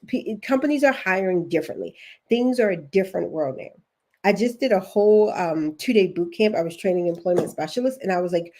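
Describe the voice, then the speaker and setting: A woman's voice: mid-range voice, mellow. Chatty Baltimore woman coaching live. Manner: chatty, encouraging, reads viewer comments aloud. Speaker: career coach hosting a livestream. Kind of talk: casual livestream coaching.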